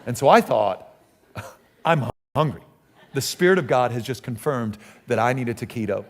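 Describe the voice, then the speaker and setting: Gravelly-voiced man preaching a story. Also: medium pitch, normal speed. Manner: conversational, animated storytelling with repeated restarts. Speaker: pastor. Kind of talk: sermon storytelling.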